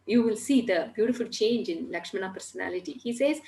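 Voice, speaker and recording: A woman telling a story in a lively, conversational way, with many fillers and asides. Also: mid-range voice, fairly quick, few pauses, reverberant. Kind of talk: spoken storytelling.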